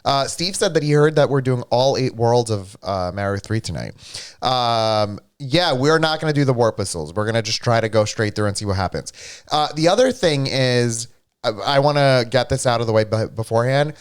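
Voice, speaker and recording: Young male streamer, smooth clear voice, animated, playfully argumentative banter. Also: mid-range voice, moderate pace. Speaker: livestream co-host. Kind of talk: casual gaming stream chat.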